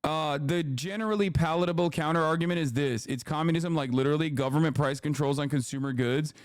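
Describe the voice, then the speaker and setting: A man's voice: a little high, fast, no room sound, studio quality. Profane, sarcastic male political streamer. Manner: profane, sarcastic, mocking impressions. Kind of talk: live-stream reaction commentary.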